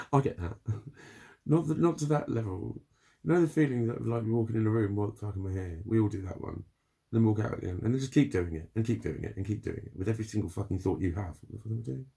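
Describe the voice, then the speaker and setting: A man with a very low, gravelly voice talks through a spoken video diary. His tone is dark and husky, and he rambles loosely, swearing freely as he goes. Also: fairly quick. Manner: rambling, heavy swearing, frequent laughs. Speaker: vlogger.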